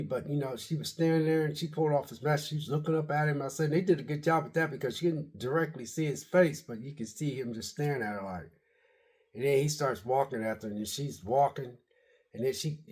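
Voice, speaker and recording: A man casually retelling a horror movie's scenes in a rambling, animated way, full of slang and quotes of what he said to himself while watching. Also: a little high. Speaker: movie reviewer.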